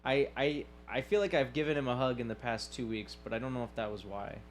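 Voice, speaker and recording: A man who is a guest on a casual stream, soft-spoken and halting, often repeating words and laughing easily. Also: medium pitch, faint music behind.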